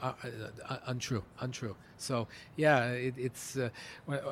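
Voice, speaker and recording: A middle-aged man from Canada, an entrepreneur telling stories in an interview, animated and emphatic with many restarts. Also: medium pitch, measured pace, a little hiss or hum. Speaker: entrepreneur guest. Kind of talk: interview storytelling.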